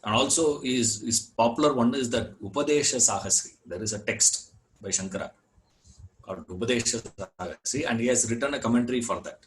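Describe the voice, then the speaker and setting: A man teaching a scripture class, unhurried, repeating words and filling gaps with "you know". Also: medium pitch, low-quality recording. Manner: chants Sanskrit verse. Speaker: Vedanta teacher.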